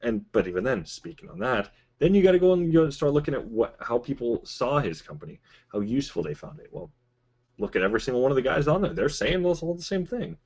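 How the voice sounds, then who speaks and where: A man's voice: medium pitch, very animated, fast talker, creaky, a little mellow, highs cut off. A man appearing as a guest on a podcast, speaking in a rambling, digressive, conversational way. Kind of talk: casual podcast discussion.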